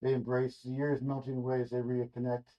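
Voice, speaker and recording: A man reading a rough draft screenplay aloud in a loose, ad-libbing way, correcting himself with casual asides, in a dull lo-fi recording. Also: mid-range voice, completely flat delivery, a little fast. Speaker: screenplay reader.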